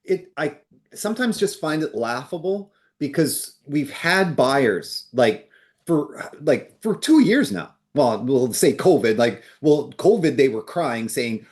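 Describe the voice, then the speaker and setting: A man's voice: medium pitch, sing-song, slow. A man co-hosting a real estate podcast, speaking bluntly and emphatically. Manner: blunt, emphatic, impatient with hesitant buyers. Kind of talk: casual podcast chat.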